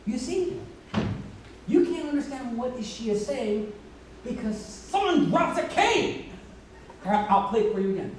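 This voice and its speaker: Brief: actor as a confiding, halting narrator, animated pitch, distant echoey stage recording. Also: male voice, a little hiss or hum. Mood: wistful. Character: wistful musical-loving man narrating to the audience. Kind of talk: stage monologue. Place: theater stage.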